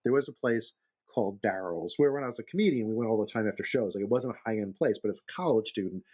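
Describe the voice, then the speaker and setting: A man chatting as a podcast co-host, his voice a little husky. He tells stories in a relaxed, animated way and laughs often. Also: on the low side, quick pace. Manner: storyteller, animated, laughs a lot. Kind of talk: casual chat.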